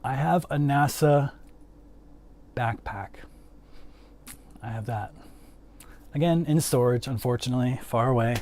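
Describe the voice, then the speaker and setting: A man's voice: medium pitch, a little slow, long pauses, a little mellow, a little hiss or hum. A man chatting casually as a livestream host, rambling with lots of "like" fillers and answering his chat.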